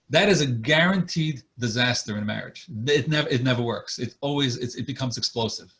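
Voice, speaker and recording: A man's voice: mid-range voice, brisk, hardly any pauses, fairly bright tone. A man, a marriage therapist, giving an earnest online lecture over a video call and explaining his points through acted examples.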